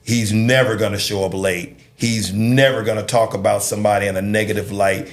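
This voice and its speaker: A man's voice: fairly low pitch, brisk, roomy sound. A middle-aged man, a sitcom creator, telling stories in an interview and acting out what others said. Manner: animated storyteller, acts out quotes. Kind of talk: storytelling interview.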